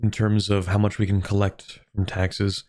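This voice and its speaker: A man's voice: on the low side, level tone, normal speed, darkish tone. A man streaming a strategy game, chatting casually, thinking aloud and answering viewers' questions. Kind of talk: casual gameplay commentary.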